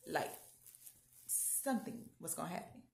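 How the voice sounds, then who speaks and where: A young adult woman telling a faith story in a casual, animated way, jumping between loud and hushed tones. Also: low voice, measured pace, gravelly, slight background noise. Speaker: vlogger. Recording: echoey room.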